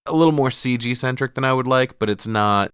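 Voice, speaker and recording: A man co-hosting a podcast, casually recapping a movie plot scene by scene with a relaxed, profanity-laced storytelling manner. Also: mid-range voice, fairly quick, clear, resonant tone, no echo, studio quality. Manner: profane, laid-back, storytelling. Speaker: podcast co-host.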